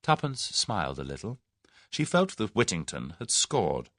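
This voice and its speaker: A male audiobook narrator reads a classic novel with expressive storytelling. His voice sits low and carries a gravelly texture. The sound is close and dry. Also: moderate pace, no room sound. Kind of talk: scripted narration.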